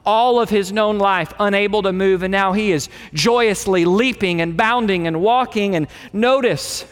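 A man with a high voice preaches a sermon verse by verse. He speaks with emphasis and dramatizes the quoted dialogue. His voice rings with a long reverb, as in a large hall. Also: moderate pace, fairly bright tone, smooth. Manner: emphatic, acts out quoted lines. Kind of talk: expository sermon.

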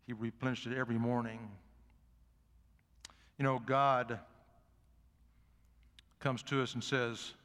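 An older man and pastor preaching a sermon in a church. He is folksy and swings from loud emphatic peaks to soft asides. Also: medium pitch, flat delivery, slow pace, long pauses, big-room sound. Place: church sanctuary.

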